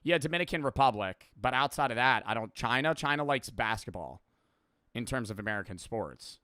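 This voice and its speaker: A man's voice: medium pitch, lively intonation, brisk, pushed and bright, clear, resonant tone, no room sound, clean studio sound. A man casually reacting to a video as a streamer, rambling and swearing offhandedly.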